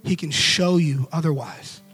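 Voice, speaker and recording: Man preacher, high pitch, lively casual storytelling, soft music underneath. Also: unhurried, slightly rough. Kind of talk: storytelling devotional talk.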